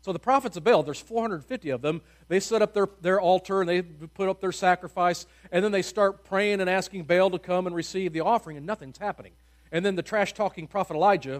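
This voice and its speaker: A man preaching a sermon in a casual, humorous storytelling way, with sudden loud bursts of emphasis and hushed, quiet drops. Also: high-pitched, fast talker.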